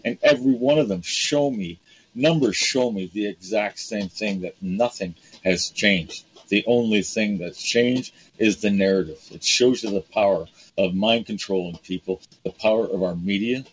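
A man's voice: fairly low pitch, normal speed, breathy edge. A man hosting a talk show, indignant, addressing his guest by name. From Canada. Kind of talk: opinionated talk show chat. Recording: dull lo-fi sound.

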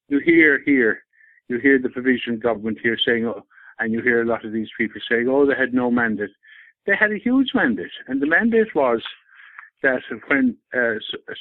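A man's voice: on the low side, no echo, narrow, tinny audio. An Irish man giving a rambling, insistent account in an interview, often repeating himself.

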